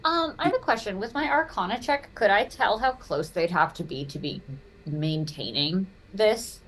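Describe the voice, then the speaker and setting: A woman's voice: medium pitch, expressive, normal speed, fairly bright tone. A woman playing a tabletop game, asking careful, curious questions. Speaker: player.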